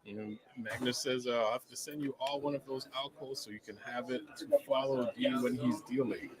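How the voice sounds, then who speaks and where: A man hosting a live stream, relaxed, reading out viewer comments. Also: medium pitch, fairly quick, poor audio. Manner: relaxed, reads chat comments aloud. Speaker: livestream host. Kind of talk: casual live stream chat. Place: convention lounge. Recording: busy convention crowd behind.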